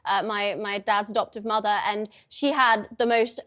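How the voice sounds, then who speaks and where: A woman from Shropshire with a posh English accent, chatting warmly on a TV panel. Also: mid-range voice, level tone, normal speed. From Shropshire, England. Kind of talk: TV panel chat.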